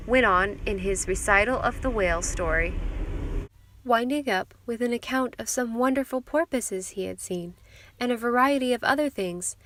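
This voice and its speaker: A woman reading an audiobook in a measured, even storytelling manner. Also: medium pitch, no echo. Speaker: audiobook narrator. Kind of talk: scripted audiobook narration.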